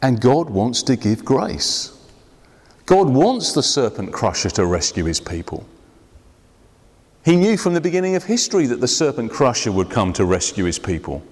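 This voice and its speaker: A man preaching, his voice swinging widely from high to low as he drives points home and slows for weight. His words ring out with a long hall reverb around them. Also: big pitch swings, a little mellow. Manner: preaching with sweeping rises and drops, slowing for emphasis. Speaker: pastor. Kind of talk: sermon. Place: church hall.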